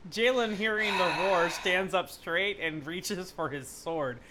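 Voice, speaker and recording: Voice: mid-range voice, slow, very noisy. A tabletop game player describing their character's actions expressively. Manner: expressive, laughs often. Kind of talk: casual tabletop game chat.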